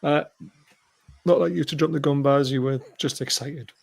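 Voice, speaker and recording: A man co-hosting a football podcast, telling match stories in an animated, excitable way. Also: on the high side, normal speed, creaky, crowd noise. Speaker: podcast co-host. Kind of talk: casual football chat.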